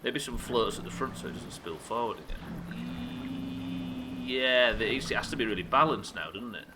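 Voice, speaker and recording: Lively, sweary young male game streamer. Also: medium pitch, moderate pace, noisy background. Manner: animated, sweary, self-mocking banter. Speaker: streamer playing a building game. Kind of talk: live gameplay commentary chatting with viewers.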